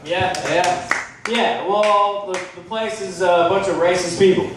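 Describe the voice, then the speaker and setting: A man's voice: high voice, fairly even intonation, measured pace, noisy background. A man from Texas doing a stand-up set, chatty, swearing and checking in with the crowd. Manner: chatty, asks the crowd "right?" often, swears. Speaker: stand-up comedian. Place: comedy club stage. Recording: echoey club from far off.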